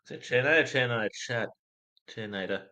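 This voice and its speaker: A man's voice: medium pitch, moderate pace, pushed and bright. A man with an Australian accent, hosting a casual livestream and chatting with his viewers in a rambling way. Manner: rambling, chatty, laughs at chat. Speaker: livestream host.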